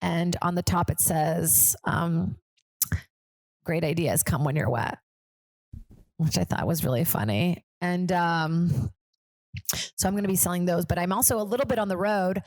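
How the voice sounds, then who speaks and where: A woman's voice: lowish voice, moderate pace, a little mellow, no room sound. Rambling chatty woman hosting a podcast. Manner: rambling and chatty, drops into quoted voices. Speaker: podcast host and comedian. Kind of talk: casual chat.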